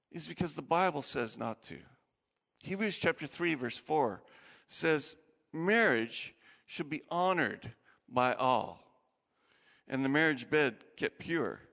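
A man's voice: fairly high pitch, vocal fry, big-room sound. A male pastor giving an emphatic, conversational sermon to his congregation. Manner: animated, emphatic, conversational preaching with self-corrections. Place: church sanctuary.

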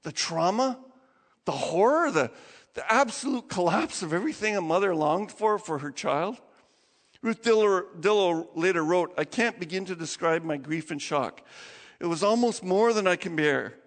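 A male pastor delivering a sermon, his voice pitched high for a man and lively as he tells stories. He laughs and acts out the people he quotes. His voice rings with the long reverb of a church hall. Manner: animated storytelling with laughs and acted quotes.

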